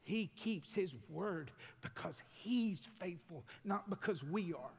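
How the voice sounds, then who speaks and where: A man preaches a sermon from the pulpit, his voice sitting high. He swings between loud, ringing emphasis and easy, folksy asides. The sound carries a long reverb from a large church hall. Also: lively intonation, takes it slowly, husky. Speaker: pastor. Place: church sanctuary.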